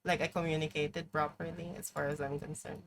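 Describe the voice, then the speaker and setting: A woman's voice: low-pitched, level tone, fairly quick, a little hiss or hum. A woman streaming live, commenting on her game in an exasperated, profane way, peppering her talk with "like". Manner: exasperated, profane, heavy use of "like".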